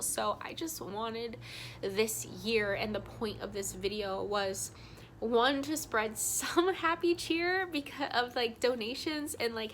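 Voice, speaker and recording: A woman's voice: mid-range voice, pushed and bright, slight background noise. A young woman vlogger tells a personal story in a heartfelt, emotional way, crying as she talks, full of ums and likes.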